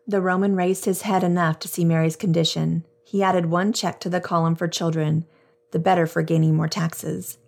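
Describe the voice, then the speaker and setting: A woman's voice: fairly low pitch, flat delivery, moderate pace, vocal fry, a little mellow. A woman hosting a devotional podcast, reading scripture and reflecting earnestly, addressing listeners as friends.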